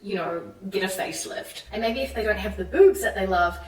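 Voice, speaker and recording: Animated New Zealand woman vlogging. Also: mid-range voice, fairly quick. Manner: animated, acts out quoted French voices. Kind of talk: casual chatty vlog. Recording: echoey room, mic at a distance.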